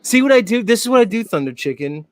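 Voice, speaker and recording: Casting: South Philly man as show host, slightly high voice, dry close sound, excitable and profane. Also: fast, no room sound. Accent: South Philadelphia. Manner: excitable, swears freely, laughs often. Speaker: podcast host. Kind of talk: casual chat.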